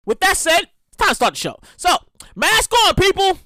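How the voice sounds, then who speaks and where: Very high-pitched and moving at a moderate pace, a female podcast host tells stories in a loose, foul-mouthed rant full of animation. The audio is clean studio sound, recorded dry.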